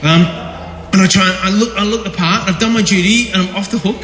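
A man's voice: high-pitched, quick pace, a bit bright. A man giving a casual, jokey sermon as pastor, talking with his congregation and restarting his words often. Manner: conversational, jokey, repeats words when restarting. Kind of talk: casual sermon with audience interaction. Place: large echoey church hall. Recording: echoey hall with long reverb.

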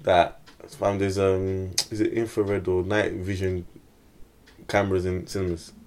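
A man's voice: low-pitched, little pitch movement, a little slow, a little mellow. A young man, co-hosting a casual podcast and asking curious questions. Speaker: podcast co-host. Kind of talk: casual chat.

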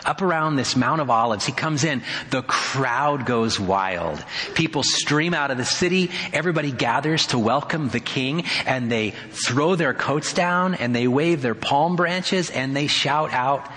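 A male pastor preaching a sermon in a conversational way, asking his listeners questions and acting out the shouts in the story. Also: medium pitch. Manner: acts out quoted shouts in a raised voice. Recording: long hall reverb.

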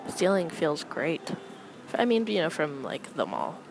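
A young adult woman hosting a casual solo chat, rambling with wry, deadpan asides as she comments on people passing by. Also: sits low, a little slow, vocal fry, a little hiss or hum, rough recording. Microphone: close microphone.

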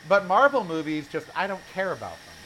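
A man's voice: sits high, very animated, brisk, a bit bright, slight background noise. A sixty-year-old man hosting a casual home cooking show, chatting and giving sassy, opinionated asides while he works in his kitchen. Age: 60s.

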